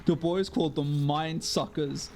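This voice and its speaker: A man reading out the lines of a grim, grizzled soldier in a game, in a low, steady voice. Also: a little slow, slight background noise. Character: grizzled male soldier, grim survivor by a campfire.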